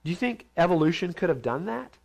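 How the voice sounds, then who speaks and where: A man's voice: sits high, very animated, brisk, vocal fry, lo-fi sound. A man teaching a Bible lesson in a conversational, questioning way. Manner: conversational, asks questions, acts out others' voices. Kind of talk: informal sermon to a group. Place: large steel building.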